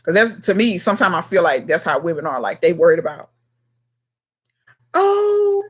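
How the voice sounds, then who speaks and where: A woman's voice: low-pitched, animated, fast talker, breathy edge. A woman in her thirties hosting a casual livestream chat, talking bluntly to her viewers in slangy, emphatic speech. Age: 30s. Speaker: gardening channel host.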